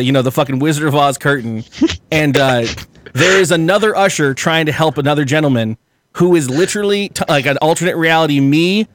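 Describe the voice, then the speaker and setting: There is no echo on this man's voice, which has a fairly high pitch. He hosts a podcast and, in animated casual chat, works through a long story, cursing freely and voicing quotes from the people involved.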